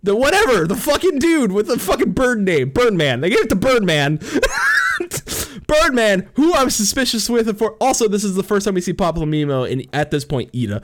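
A man's voice: extremely high pitch, sing-song, normal speed, fairly bright tone. A man recapping a game story as a rambling comedic rant, swearing freely, laughing often and acting out the characters.

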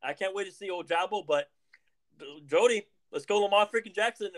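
A man's voice: high-pitched, fairly quick, a bit bright. A man hosting a casual sports chat, hyped and repetitive, tossing in "bro". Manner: hyped, repeats himself, says bro. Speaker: podcast host.

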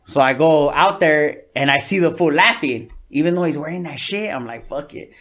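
A man's voice: a little high, animated, moderate pace, a bit bright. A man from California, a comedian telling stories in a casual interview, full of slang and swearing. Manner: slangy, profane, laid-back storytelling. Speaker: comedian guest.

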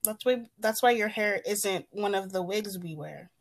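A woman's voice: mid-range voice, a little slow. Playful teenage girl telling a story. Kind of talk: casual chat.

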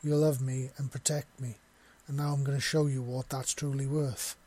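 Man voicing a young human man, devoted, soft, affectionate, husky. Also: medium pitch, flat delivery, moderate pace, lightly acted. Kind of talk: audio story reading.

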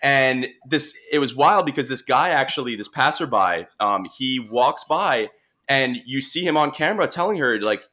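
A young man with a Long Island accent tells a story in easy conversation. His voice is bright and forward, and the pitch sits in the middle. He talks casually, repeats himself and restarts often. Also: lively intonation, normal speed. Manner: chatty, many restarts and fillers. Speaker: marine mammal responder.

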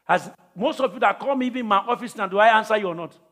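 High-pitched, bright-voiced male pastor preaching. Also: rapid-fire. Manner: repetitive, calls out to the congregation; shouted declarative prayer. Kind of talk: sermon and prayer. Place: church service.

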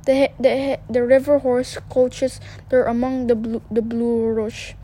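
A woman's voice: on the high side, level tone, unhurried, warm tone, slight background noise. A woman reading a fairy tale aloud, stumbling over words, correcting herself, and dropping casual asides. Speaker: reader.

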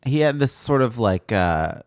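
A man co-hosting a casual movie talk, relaxed and quick, often restarting his sentences. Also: medium pitch, smooth, dry recording. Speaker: podcast co-host.

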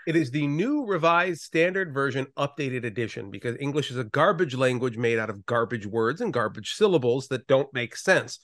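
Male pastor and podcast co-host, mid-pitched, irreverent and ranty, dry close recording. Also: expressive, moderate pace, hardly any pauses, a bit bright, no room sound. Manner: irreverent, ranty, swears casually. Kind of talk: casual Bible study podcast with scripture reading.

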